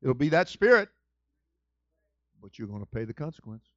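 A man preaching a sermon as senior pastor, with a lively storytelling manner that swings from loud to soft. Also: medium pitch, moderate pace, dry recording, highs cut off.

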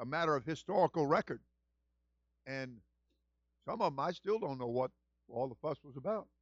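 Male senior pastor, sermon delivery, repeats lines for emphasis, swings from hushed to loud. Dry, muffled recording. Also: on the high side, no room sound. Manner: swings from quiet storytelling to shouted exhortation.

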